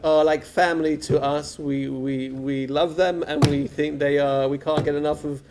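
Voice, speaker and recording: Fairly high-voiced man introducing speakers. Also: little pitch movement, moderate pace, darkish tone. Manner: rambling, repeats words. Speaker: conference emcee. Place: conference hall.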